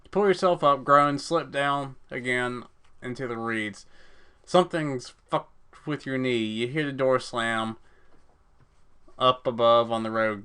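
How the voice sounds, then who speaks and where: A man with a bright, crisp voice reads a text-based game aloud for a let's play. He moves between dramatic narration and casual, foul-mouthed asides to the audience. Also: mid-range voice, unhurried. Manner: reads narration in a dramatic voice, swears and cracks jokes between passages.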